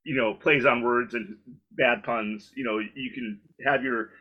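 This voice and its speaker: A man's voice: mid-range voice, steady tone, measured pace, muffled recording. A man co-hosting a casual sports podcast, bantering playfully about puns and the match. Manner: playful, pun-loving banter. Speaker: podcast co-host.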